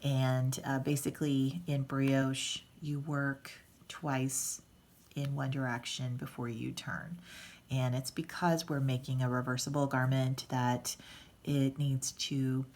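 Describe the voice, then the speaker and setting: A woman with a low voice talks through a knitting tutorial. Her way of teaching is casual and patient. She stops to correct herself and adds fillers as she works. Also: level tone, slow pace, a little mellow. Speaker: knitting instructor. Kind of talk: casual hands-on craft tutorial.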